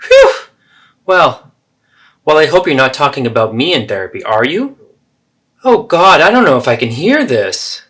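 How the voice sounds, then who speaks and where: A man's voice: on the high side, big pitch swings, normal speed, long pauses, a bit bright, voice pushed up. A man acting out a defensive, self-absorbed middle-aged mother in a therapy role-play, anxious and dramatic.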